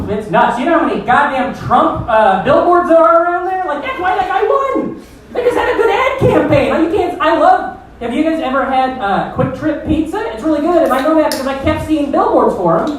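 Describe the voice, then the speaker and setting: A man's voice: extremely high pitch, sing-song, fairly quick. Male comedy host, self-deprecating crowd work, distant mic in a roomy, faintly noisy club. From Iowa. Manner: rambling, profane, self-deprecating. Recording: echoey room from far off.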